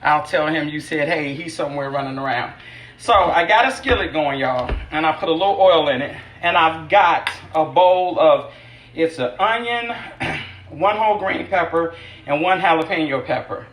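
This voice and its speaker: A middle-aged woman chef with a low-pitched voice and lively intonation hosts a home cooking livestream at a normal speed. She chats with viewers by name and teases herself while cooking in an echoey kitchen, where a skillet sizzles loudly.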